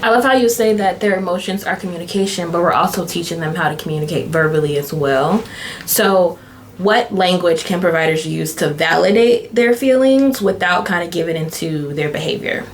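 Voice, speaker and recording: A woman's voice: fairly low pitch, moderate pace, slight background noise. A woman hosting a child-care podcast, affirming her guest and asking follow-up questions. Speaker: podcast host. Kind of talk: podcast interview.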